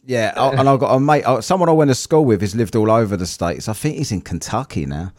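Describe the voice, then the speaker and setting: A man's voice: medium pitch, animated, fast, darkish tone, no echo, clean studio sound. A man in casual podcast chat, swearing freely and dropping to a mutter at the ends of lines.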